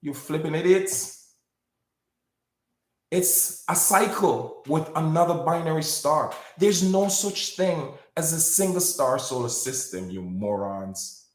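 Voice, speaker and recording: A man's voice: on the high side, lively intonation, slow pace, echoey room. A man hosting his own video, talking in a rambling monologue to viewers, often repeating words and berating his critics. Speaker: video host. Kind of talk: casual monologue to camera.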